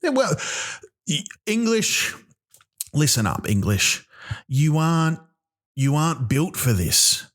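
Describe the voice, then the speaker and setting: A man's voice: fairly high pitch, big pitch swings. Rambling man mock-ranting. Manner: rambling, halting, with many ums and restarts; mock-outraged, exaggerating for laughs. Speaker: comedy podcast host. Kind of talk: comic rant.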